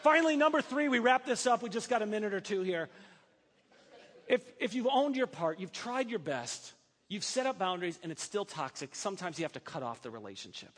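A male pastor preaching a sermon in a church, animated and breaking in with joking asides. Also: high voice, brisk. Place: church sanctuary. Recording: long hall reverb.

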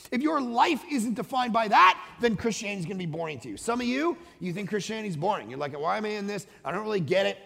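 A man preaching a sermon as the pastor, conversational and emphatic, swinging between loud stretches and hushed asides. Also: high voice, vocal fry, husky. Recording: large hall with long reverb.

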